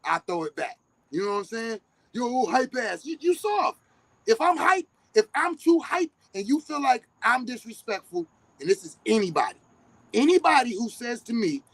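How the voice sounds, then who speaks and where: A man's voice: big pitch swings, normal speed, a bit bright, no echo, rough recording. A man hosting a live stream, talking in a passionate, confrontational, profane way that never backs down. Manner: high-energy, passionate, profane; confrontational, emphatic. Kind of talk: heated casual monologue.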